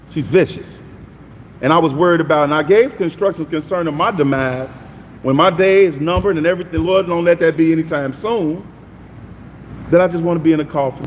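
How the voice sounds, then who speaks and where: A middle-aged man, preaching casually on a morning Bible stream. His voice is fairly high and swings widely in pitch as he talks in a folksy way to his viewers. A long reverb trails his words over faint background noise. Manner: folksy, animated, talks to his chat by name. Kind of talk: casual preaching and scripture reading.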